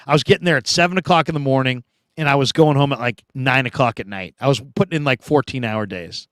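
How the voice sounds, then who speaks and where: A middle-aged man hosting a casual sports talk stream, rambling and telling stories with loud acted-out quotes. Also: mid-range voice, quick pace, clear, resonant tone, dry recording. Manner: rambling, animated storytelling, acts out quotes loudly. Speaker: show host.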